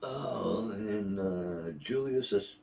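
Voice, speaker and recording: A man in his sixties from Ohio with a deep bass voice, chatting casually and rambling through stories on a livestream. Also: very slow, gravelly, darkish tone, a little hiss or hum. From Northeast Ohio. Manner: rambling, easygoing storyteller. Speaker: guest on a livestream reading viewer messages.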